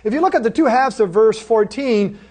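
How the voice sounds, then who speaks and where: Emphatic high-voiced male lecturer. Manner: emphatic, repeats key points, asks rhetorical questions and answers them; slows right down and drops softly on key phrases. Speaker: seminary lecturer. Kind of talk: recorded course lecture.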